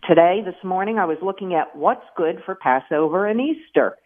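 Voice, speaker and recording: A woman's voice: on the low side, moderate pace. A woman calling in by phone to a radio show, talking about her farmers market in an upbeat, chatty way with some restarts. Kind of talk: casual phone-in chat. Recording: tinny phone line.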